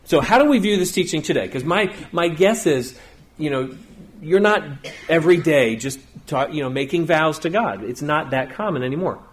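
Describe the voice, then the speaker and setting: A man's voice: on the high side, expressive, moderate pace. A middle-aged man preaching a sermon in a conversational, storytelling way, acting out the people he quotes. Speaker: pastor.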